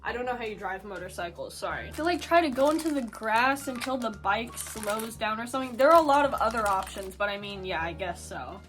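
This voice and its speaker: A young woman vlogger rambles through her reactions, giggling and snacking as she talks. Her voice sits fairly high. Faint music plays underneath. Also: expressive, fairly quick, hardly any pauses, a bit bright. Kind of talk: casual reaction commentary.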